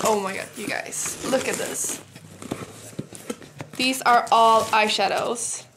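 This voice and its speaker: A young woman talks slowly through a vlog unboxing, her voice sitting a little high. She gushes and giggles often, with many fillers. Noise and paper crinkling are clear behind her. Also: steady tone. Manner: gushing, giggly, lots of fillers. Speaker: beauty vlogger.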